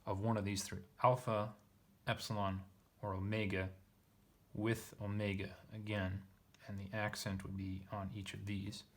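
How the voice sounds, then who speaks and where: A man's voice: fairly low pitch, completely flat delivery, normal speed. A man teaching a text line by line, thinking aloud with frequent fillers and self-corrections. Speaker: Greek teacher. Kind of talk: casual lesson reading.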